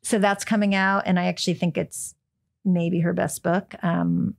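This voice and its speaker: A middle-aged American woman, a book editor, chatting in an interview, full of ums and quick restarts. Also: lowish voice, fairly even intonation, vocal fry. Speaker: book editor, podcast guest. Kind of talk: casual interview chat.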